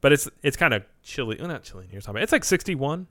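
A man hosting a casual podcast chat, talkative and quick to laugh, often restarting his sentences. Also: medium pitch, very animated, pushed and bright, dry recording. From American Midwest. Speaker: podcast host.

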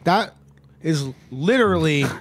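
Playful man with a slightly high voice. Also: lively intonation, unhurried, a little hiss or hum. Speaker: podcast co-host. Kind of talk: casual comedic banter.

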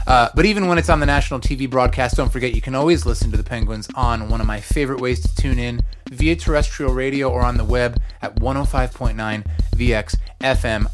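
A man hosting a podcast, chatting casually from a recording studio with a rambling, filler-heavy way of talking. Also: mid-range voice. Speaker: podcast host. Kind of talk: casual chat.

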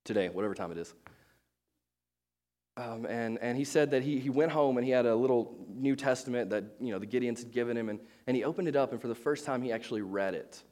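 A man's voice: mid-range voice, fast talker, darkish tone. Chatty, joking male pastor. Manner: chatty, self-deprecating, with many fillers and restarts. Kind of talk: casual sermon.

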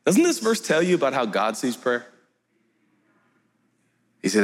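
A pastor preaching a sermon in an animated, joking way, often jumping into high, shouted outbursts. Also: male voice, unhurried, pauses often. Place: church hall. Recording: echoey hall with faint music.

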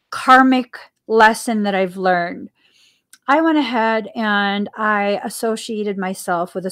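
Slow-talking spiritual podcast woman. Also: fairly high pitch, a bit bright. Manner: earnest, musing, laughs often, asks herself questions. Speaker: podcast host. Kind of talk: reflective spiritual talk.

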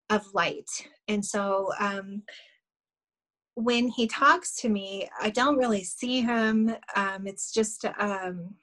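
A woman's voice: medium pitch, fairly bright tone, low-quality recording. A middle-aged woman, a guest on a podcast, earnestly telling a personal story with many fillers and small laughs. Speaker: guest, shamanic healer.

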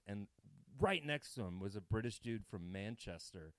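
An American man in a low-ish voice tells comic stories to his co-hosts, swearing freely and getting animated. The sound is dry and close. He slips into silly accents as he goes. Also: brisk, clean tone, no echo. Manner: animated, profane, does accents. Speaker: podcast host. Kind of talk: comedic storytelling chat.

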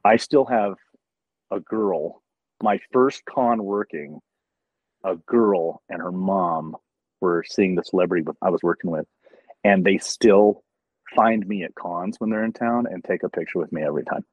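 A man's voice: deep voice, a little slow, breathy edge, no room sound, lo-fi sound. A man who manages talent at conventions, in casual podcast chat, earnestly telling stories and acting out the conversations in them.

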